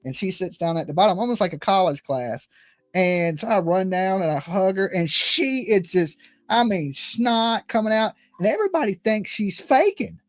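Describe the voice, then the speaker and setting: Casual male host, loose storyteller, bright high register, dry mic. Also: lively intonation, moderate pace, no echo. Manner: rambling, laughs often, storytelling. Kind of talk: casual commentary.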